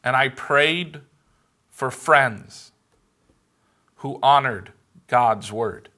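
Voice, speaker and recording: A man preaching a sermon as pastor, earnest and measured, leaning on emphatic pauses. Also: mid-range voice, bright, forceful tone.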